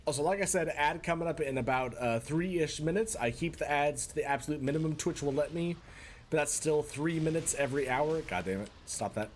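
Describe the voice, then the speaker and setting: A man with a slightly high voice streams a video game live, speaking briskly over a little background noise. He puts on a Boston and New York accent, chats with his viewers as he plays, and throws in mock-tough asides throughout this live gaming commentary.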